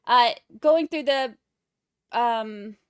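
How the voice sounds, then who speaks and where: Southern lady rambling on a livestream, reads out chat comments, kinda high voice, dry close mic. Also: extremely slow, clear, resonant tone, dry recording. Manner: chatty, reads viewer comments aloud, rambling. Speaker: livestream host.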